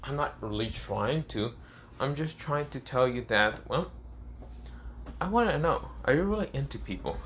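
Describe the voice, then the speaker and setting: A man voicing an easygoing adult ninja teacher who gently coaxes a sullen student. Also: medium pitch, expressive, moderate pace, slight background noise, natural voice. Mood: coaxing. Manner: easygoing, persuasive. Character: laid-back adult male ninja teacher, coaxing.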